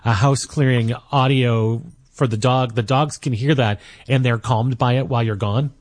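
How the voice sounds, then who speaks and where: A man's voice: medium pitch, steady tone, normal speed, a little mellow, no room sound. A man hosting a late-night call-in radio show, asking eager follow-up questions in a casual way. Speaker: radio talk show host.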